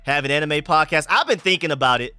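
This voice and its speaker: Young guy, laid-back slangy stream chat that gets hyped, smooth clear voice. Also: fairly high pitch, fast talker, no echo, soft background music. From Atlanta, USA. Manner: relaxed, slangy, bursts of hype calling out picks. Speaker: live streamer host. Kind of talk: casual live-stream chat reading comments.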